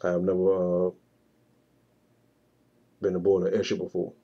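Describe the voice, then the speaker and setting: A man's voice: low voice, completely flat delivery, moderate pace, warm tone, lo-fi sound. A man reading the lines of a young woman aboard an airship for the first time. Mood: nervous. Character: young woman joining a rescue flight.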